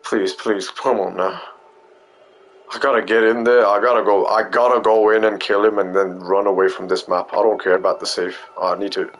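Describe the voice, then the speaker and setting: A man giving live gameplay commentary, panicky, repeating short phrases over and over and dropping to a hushed mutter while he sneaks. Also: on the low side, steady tone, normal speed. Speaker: gamer playing a stealth game.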